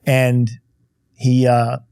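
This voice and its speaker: A man's voice: mid-range voice, completely flat delivery, drawn-out words, gravelly, dark tone, clean tone, dry recording, studio quality. A man in his fifties, a podcast guest, telling his life story in a candid, blunt way, acting out the dialogue. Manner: candid, blunt storyteller who acts out dialogue and swears lightly. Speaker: guest, insurance company CEO. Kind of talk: storytelling in casual conversation. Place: podcast studio.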